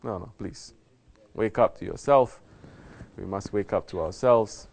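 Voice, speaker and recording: A man's voice: on the low side, a little slow, vocal fry. A man teaching as a Sufi teacher, answering a question in a spoken sermon, emphatic and fond of rhetorical questions. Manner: emphatic, rhetorical questions, mock-quoting others. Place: Sufi lodge.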